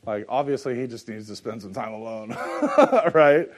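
A man preaching a sermon, reading scripture in old-fashioned wording, then talking plainly and with humour, dropping to low confiding talk and rising to loud exhortation. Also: animated, unhurried. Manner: plain-spoken and joking, laughs at his own asides. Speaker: pastor.

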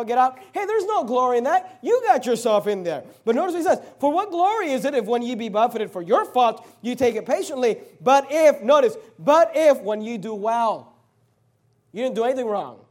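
A man preaching a sermon, emphatic, voicing complaining listeners and dropping his voice low to read scripture. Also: darkish tone.

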